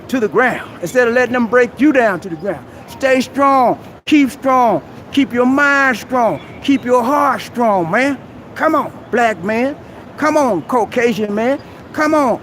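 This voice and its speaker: A man with a strikingly high voice hosts a live stream from outside a busy mall. He lectures his viewers in a preachy, exhorting way and keeps calling them "man". Faint street and traffic noise sits behind him. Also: fairly bright tone. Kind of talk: motivational advice rant. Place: outdoors at a busy shopping mall.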